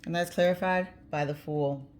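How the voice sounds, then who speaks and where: A woman does a casual tarot reading in a fairly low, a little mellow voice with fairly even intonation and a moderate pace. She's chatty and blunt, swears occasionally and laughs easily, and there's slight background noise.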